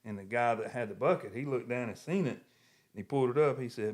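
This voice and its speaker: A man's voice: mid-range voice, fairly quick, darkish tone. A man with a Southern US accent chats casually as a co-host. He spins long anecdotes and laughs often at his own tales. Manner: storytelling, laughs often, self-described country boy. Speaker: podcast co-host. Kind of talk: casual chat.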